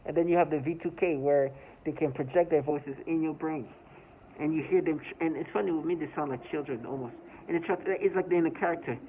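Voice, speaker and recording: Man, fairly high voice, halting and repetitive, earnest monologue, thin phone-like audio. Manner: halting, repeats words and restarts often; earnest, urgent delivery. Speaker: vlogger. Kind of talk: personal video monologue. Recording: tinny phone-like audio with faint noise.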